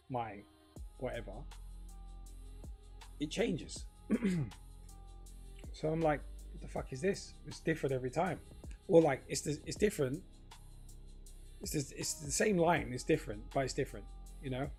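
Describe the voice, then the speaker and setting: A man's voice: a little high, a little mellow. A man talking casually to camera in a rambling, filler-heavy monologue, swearing freely. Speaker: crypto vlogger.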